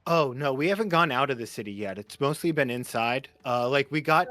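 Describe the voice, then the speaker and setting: A man's voice: mid-range voice, no echo, soft background music. Laid-back man running a tabletop game. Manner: relaxed, halting, many uhs and likes. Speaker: game master. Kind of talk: narrating a tabletop game on a voice call. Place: home, online voice call.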